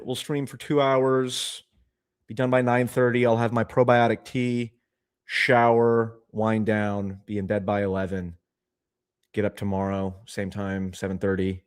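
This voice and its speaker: This livestream host has a medium-pitched, slightly mellow voice. Chatting casually, he wanders from point to point and frequently interrupts his own sentences.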